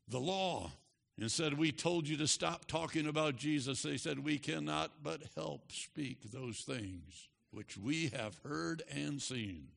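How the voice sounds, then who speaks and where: Man, preacher, sermon, bright tone, fairly high voice, quiet to impassioned, long hall reverb. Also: measured pace, vocal fry. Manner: builds from quiet emphasis to loud passionate preaching.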